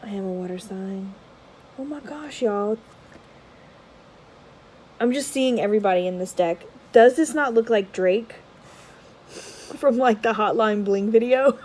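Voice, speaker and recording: A woman vlogger giving casual unboxing commentary, rambling with many filler words and dropping into soft, half-murmured asides. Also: medium pitch, measured pace, long pauses, rough recording. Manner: drops to a soft whisper at times. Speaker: tarot vlogger.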